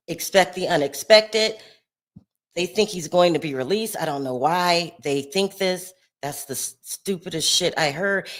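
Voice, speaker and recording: Slow-talking upset woman livestreaming from home. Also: lowish voice. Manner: emotional, rambling, swings from loud outbursts to sighing murmurs. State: upset, shaky. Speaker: live-stream host. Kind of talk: casual live-stream commentary.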